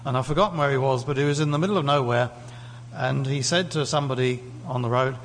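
A UK man preaches a conversational sermon in a church hall, putting questions to the congregation through a lectern mic. His medium-pitched voice moves at a quick pace with few pauses. The hall is echoey, with a faint hum.

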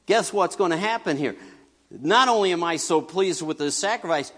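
A middle-aged man preaching a conversational sermon, animated and joking, swinging between loud bursts and hushed asides. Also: on the high side, moderate pace. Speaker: pastor. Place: church sanctuary. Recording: long reverb of a large church hall.

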